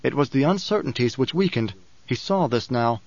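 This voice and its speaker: A man narrating an audiobook in a measured, dramatic reading style. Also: medium pitch, animated, creaky, no echo. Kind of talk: scripted narration. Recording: dull, dry recording.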